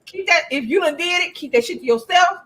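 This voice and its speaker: Woman co-host, casual chat; blunt, profane, quick to laugh; high, expressive voice.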